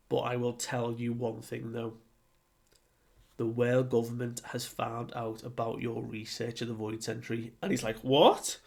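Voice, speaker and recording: A man's voice: medium pitch, creaky, darkish tone. A young man chatting casually through a comic chapter recap, full of fillers and acted-out quotes. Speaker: anime and manga reviewer.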